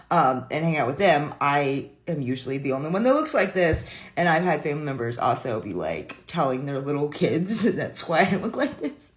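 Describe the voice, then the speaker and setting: A woman in her thirties casually telling a funny family story to the camera, often breaking into laughter. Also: a bass voice.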